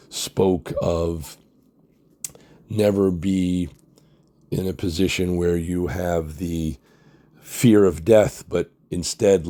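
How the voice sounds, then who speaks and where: A man hosting his own channel, talking in a halting, grieving way with many fillers. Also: low voice, creaky, dark tone. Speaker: comic artist and director, channel host. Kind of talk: personal tribute vlog.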